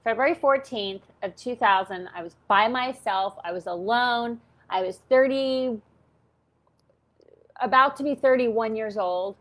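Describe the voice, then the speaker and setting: Her voice is fairly high and unhurried. A channel host in her fifties, she tells a personal story in a frank, chatty manner studded with "like" and "okay?".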